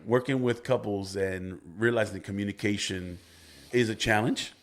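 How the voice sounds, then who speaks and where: A middle-aged man co-hosting a couples podcast in casual chat, animated and exclamatory, acting out his clients as he tells stories. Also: fairly low pitch, normal speed. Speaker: podcast co-host, couples counselor.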